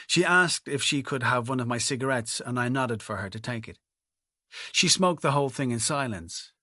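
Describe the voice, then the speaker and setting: A man reading a thriller audiobook in the first person, with a measured, confessional delivery. His voice sits at a middling pitch, and the recording is close and dry with no room sound. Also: bright, forceful tone, dry recording. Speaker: audiobook narrator.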